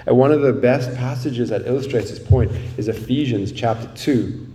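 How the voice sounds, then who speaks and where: A man preaching in a mellow, relaxed voice, easing into a story with many "uh"s and "like"s. He sounds a bit far from the microphone, like a preacher at an evening church meeting. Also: mid-range voice, normal speed, reverberant. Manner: relaxed storytelling, frequent fillers. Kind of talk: sermon. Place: meeting room at an evening gathering.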